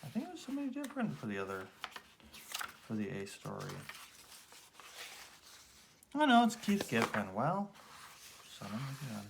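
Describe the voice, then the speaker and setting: A man's voice: mid-range voice, huge pitch swings, normal speed, creaky, long pauses, background noise. Man reading comic captions aloud. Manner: reads captions aloud, offhand comments. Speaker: podcast co-host. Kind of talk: casual chat about comics.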